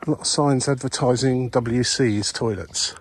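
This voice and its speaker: An older man narrates a walk through old streets, his voice husky from a cold. He rambles wryly with lots of uhs. Clear street noise sits behind him outdoors. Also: mid-range voice, moderate pace. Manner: rambling, wry, many ums and uhs. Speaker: vlogger. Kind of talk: walking tour commentary.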